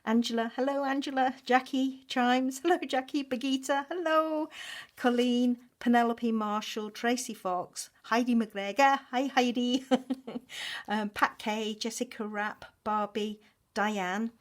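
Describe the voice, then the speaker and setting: Woman, craft vlog chat, slow easy pace, gushing thanks, lots of ums, home craft room. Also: fairly high pitch, steady tone. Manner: effusive and grateful, many fillers. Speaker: journaling vlogger.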